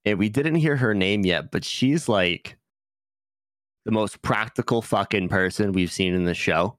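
A man's voice: fairly low pitch, unhurried, no room sound, studio quality. A man hosting a casual anime podcast, joking and recapping episodes with frequent laughs. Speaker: podcast host.

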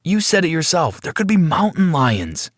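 A man's voice: mid-range voice, very animated, normal speed, breathy edge, dry recording, clean studio sound. A man voicing a scared young boy who talks bluntly and nervously. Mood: scared, snappy.

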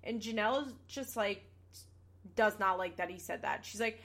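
A woman's voice: medium pitch, normal speed, a bit bright. A young woman in her twenties hosting a casual podcast, recapping a reality show with chatty, sarcastic asides and casual swearing. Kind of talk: casual chat.

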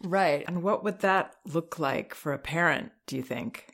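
Anfitriona de voz muy grave. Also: female voice, deep voice, a little slow, a bit bright. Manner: supportive, affirming interjections. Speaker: podcast host. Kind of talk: conversational interview.

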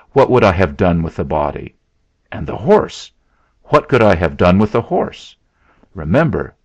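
A man voicing a blustering, sneering landowner in a storybook reading, taunting loudly. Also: lowish voice, dry recording. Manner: mocking, shouting taunts. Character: blustering sneering middle-aged male landowner. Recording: dull lo-fi recording.

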